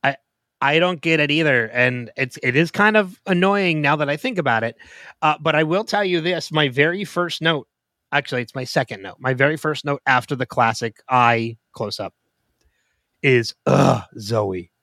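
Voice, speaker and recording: A man co-hosting a podcast, talking through a TV episode in casual chat, openly emotional and quick to restart his sentences. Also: on the high side, sharp tone, no echo. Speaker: podcast co-host. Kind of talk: casual TV show discussion.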